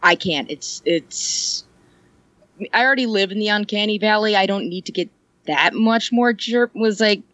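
A woman's voice: medium pitch, normal speed, fairly bright tone, no echo, lo-fi sound. A woman hosting a podcast, telling stories in a casual, self-deprecating way. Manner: self-deprecating, chatty storytelling. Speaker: podcast host. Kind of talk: casual chat.

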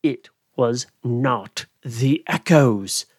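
A man voicing a stern, leering male goblin who questions slowly and menacingly in a storybook reading. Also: mid-range voice, lively intonation, darkish tone, slightly rough, no echo, clean studio sound, heavily acted.

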